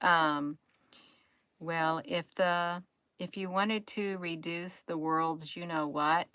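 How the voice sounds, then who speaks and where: Woman, livestream host, chatty, bright voice, dry close sound. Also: fairly low pitch, steady tone, slow pace, clear, resonant tone, dry recording. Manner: chatty, scolding, says "you all" often. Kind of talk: casual chat with viewers.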